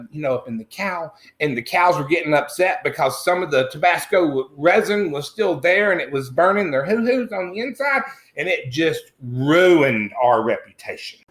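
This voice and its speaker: A man's voice: fairly high pitch, fairly bright tone. A man playing a middle-aged country man, telling a meandering, folksy comic story full of crude asides. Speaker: comedy character host. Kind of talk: improvised comic monologue. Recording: roomy echo.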